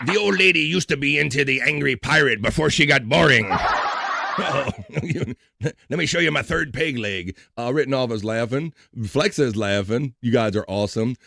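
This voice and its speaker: A man's voice: medium pitch, normal speed, creaky, heavy background noise. A man hosting a casual live stream, reading out national day items in a playful, joking way and slipping into a mock pirate voice now and then. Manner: playful, jokey, slips into a pirate voice.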